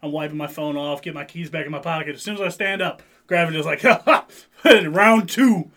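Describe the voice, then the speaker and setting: A man in his twenties telling a rowdy, profane story in casual chat, acting out loud quotes. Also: a little high, fairly even intonation, fast. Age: 20s. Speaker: podcast co-host.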